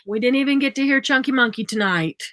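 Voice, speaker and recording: A woman hosting a live craft stream, chatting in a relaxed, rambling way. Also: high-pitched, quick pace, no echo. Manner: relaxed, rambling, warm sign-offs. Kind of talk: casual live-stream chat.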